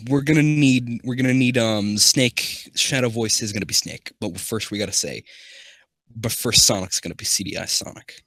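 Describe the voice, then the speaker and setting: A man's voice: lowish voice, normal speed, sharp tone, dry recording. A man doing a casual comedic reading, mumbling asides and joking with a co-host. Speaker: comedy reader.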